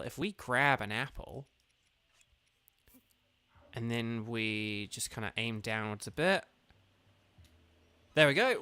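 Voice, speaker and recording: A man's voice: medium pitch, bright, forceful tone, no echo. A man casually commentating a video game stream, playful and goofy with lots of ums. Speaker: gaming streamer. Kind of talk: casual let's-play commentary.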